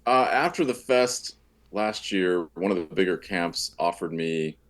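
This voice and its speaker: A man talking as a podcast guest in relaxed, offhand casual chat. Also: deep voice, unhurried.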